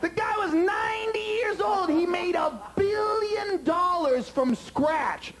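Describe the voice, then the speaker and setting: Loud foul-mouthed comic guy yelling high into a stage mic, crowd laughing hard. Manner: shouting, profane, rapid punchlines. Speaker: stand-up comedian. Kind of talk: stand-up comedy set. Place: comedy club stage. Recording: live club crowd laughing.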